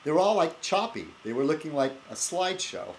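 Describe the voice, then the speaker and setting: A man's voice: a little high, sing-song, a little fast, slight background noise. A man hosting his own casual video blog and rambling in a self-deprecating way with frequent chuckles, recorded on a laptop webcam. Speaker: video blogger host. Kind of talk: casual vlog chat.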